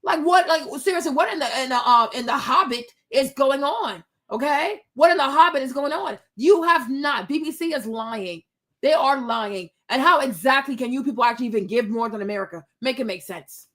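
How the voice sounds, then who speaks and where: A woman host delivers a brash, mocking rant with heavy emphasis. Her voice sits high for a woman, and she punches her lines hard. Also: lively intonation, fairly quick, a bit bright. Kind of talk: ranting commentary.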